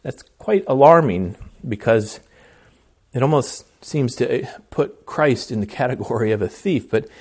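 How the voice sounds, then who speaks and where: A man of ordinary pitch preaches a sermon to his congregation. He speaks earnestly, often restarting a word, and his voice swells on key phrases before dropping back. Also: expressive, a little slow, a little mellow, breathy edge. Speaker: pastor.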